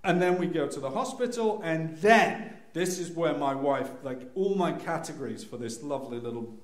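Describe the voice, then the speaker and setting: A man telling a humorous personal story to an audience, acting out scenes with sudden loud cries. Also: a little high, animated, moderate pace. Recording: echoey room.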